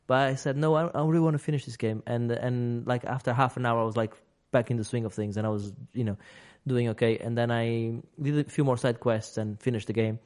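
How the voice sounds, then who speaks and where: A man chatting on a games podcast at an ordinary pitch. He rambles through his thoughts and often stops to restart a sentence. He laughs easily along the way. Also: fairly even intonation, brisk, few pauses, darkish tone. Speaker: podcast host. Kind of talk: casual podcast chat about games.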